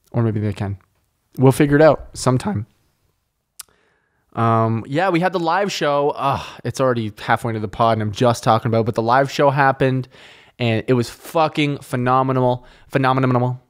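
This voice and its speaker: A Canadian man hosting a podcast in casual chat, rambling and excitable, with heavy swearing. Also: medium pitch. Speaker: podcast host.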